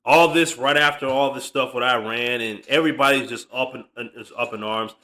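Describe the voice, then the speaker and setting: A man's voice: mid-range voice, fairly even intonation, a little fast, sharp tone. A man hosting a reaction channel, commenting on clips in a laid-back, slangy way.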